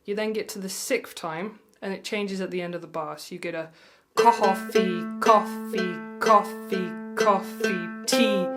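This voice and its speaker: Patient woman tutor counting beats. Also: mid-range voice. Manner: patient, reassuring, counts aloud slowly. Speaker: music tutor. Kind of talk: mandolin lesson. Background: mandolin playing.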